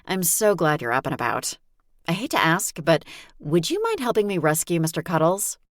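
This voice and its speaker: A calm, polite young woman speaks in a soothing way with nerves underneath, as a woman narrator puts her on. It is an audiobook on a dry, close mic. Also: fairly low pitch, normal speed, dry recording, pitched above the performer's own voice.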